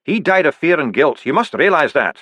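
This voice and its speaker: An earnest, urgent dwarf priest, voiced by a man, pressing his point with a lively, rising voice. He talks fast and persuasively, and his delivery is dry and close. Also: on the high side, no echo, voice pushed up, exaggerated voice.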